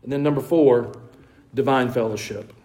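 This man speaks at medium pitch and normal speed, with a slightly mellow tone captured on a low-quality recording. He's a pastor in a church sanctuary giving a chatty sermon, posing questions to the congregation, doing mock voices, and adding wry side comments.

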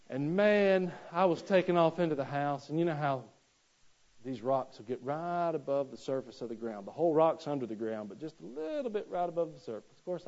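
A male preacher delivers a sermon with folksy stories and frequent rhetorical questions to his congregation. His voice sits somewhat high for a man, and the recording is dull and muffled. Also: dark tone.

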